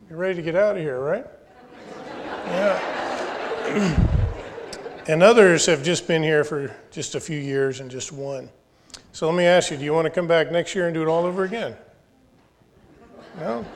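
A man in his forties gives a graduation address in an earnest, folksy manner, teasing the graduates now and then. His voice sits a little high for a man. The sound rings with the long reverb of a large hall. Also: a little hiss or hum. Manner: earnest, folksy, jokes with the audience. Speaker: graduation speaker. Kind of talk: commencement address. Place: school or church hall.

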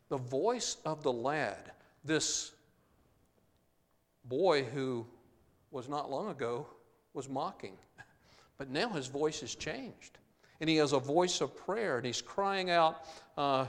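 Pastor guy preaching, reads the verses then talks them through, big echoey church hall. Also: mid-range voice. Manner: reads scripture aloud, then explains it plainly with some ums and uhs. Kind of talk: sermon with scripture reading.

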